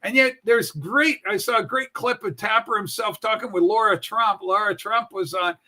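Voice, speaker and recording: A man hosting a casual political talk livestream, brash and profane, with animated storytelling. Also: sits high, moderate pace. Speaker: political talk show host. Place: home room with a Star Trek shrine.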